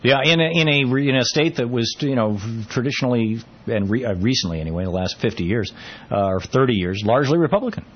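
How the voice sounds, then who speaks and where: A man's voice: mid-range voice, animated, quick pace, husky. A man from Vermont hosting a call-in radio show, talking conversationally with frequent fillers and restarts. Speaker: radio talk show host. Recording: dull lo-fi radio broadcast.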